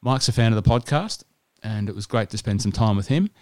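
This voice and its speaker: Chatty Australian man, lowish dry voice. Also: animated, a little fast, no echo. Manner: chatty storytelling with restarts. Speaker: podcast co-host. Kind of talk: casual chat.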